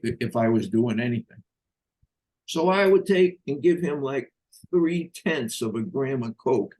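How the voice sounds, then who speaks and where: A man's voice: medium pitch, darkish tone. An older man telling a personal story in a blunt, profane way, acting out the voices of the people he quotes. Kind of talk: casual storytelling.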